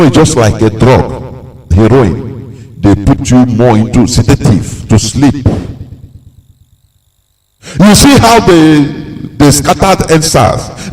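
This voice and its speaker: A man's voice: medium pitch, darkish tone, low-quality recording. A man with a Nigerian English accent giving a live radio talk, lecturing and acting out the voices of the people he quotes. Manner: preachy, acts out quoted voices, laughs often. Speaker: radio presenter.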